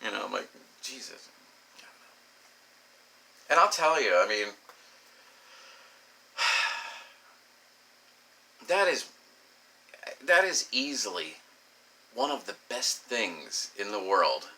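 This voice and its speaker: Animated, bright-voiced man telling crude stories. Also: fairly low pitch, slow, vocal fry, pauses often. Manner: animated, profane, acts out voices in quotes. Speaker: comedic storyteller. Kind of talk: crude comedic monologue.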